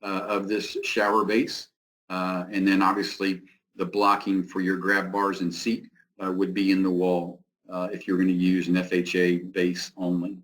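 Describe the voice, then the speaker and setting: A man's voice: low-pitched, completely flat delivery, moderate pace, fairly bright tone, rough recording. A man giving a technical building-code presentation and answering questions, with many fillers. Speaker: product representative presenting.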